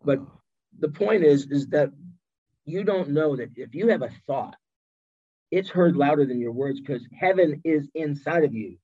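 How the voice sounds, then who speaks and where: A man who is a guest on a podcast, telling stories in an animated way and acting out the voices of the people he quotes. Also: a little high, measured pace, slightly rough, dull audio. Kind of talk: storytelling in an interview chat.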